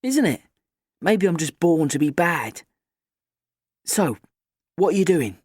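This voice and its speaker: A man's voice: on the high side, sing-song, slow, a little mellow, breathy edge, no room sound, studio quality, voice pushed up, heavily acted. A man voicing a bold, cheeky teenage schoolgirl with a breezy, teasing manner.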